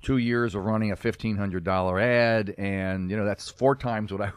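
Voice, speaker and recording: A middle-aged man with a notably deep, low-pitched voice talks casually as a podcast guest. He tells his stories with self-mocking humor and laughs often. The recording is close and dry. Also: steady tone, normal speed, clean tone, no room sound. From Cincinnati, USA. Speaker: guest, comedic speaker and character performer.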